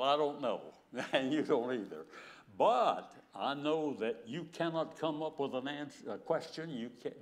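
Elderly preacher man with lively pitch. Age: 90s. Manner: storytelling, chuckles often, dramatizes scripture. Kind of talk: sermon.

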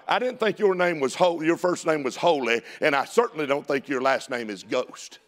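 A man preaching a lively sermon in a Southern US accent, shouting at peaks and laughing between folksy asides. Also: fairly high pitch, brisk.

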